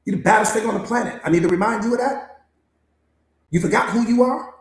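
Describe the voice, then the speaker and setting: A man's voice: sits high, brisk. A man coaching an audience in a motivational master class, with emphatic, preaching delivery and many repeated phrases. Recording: roomy echo.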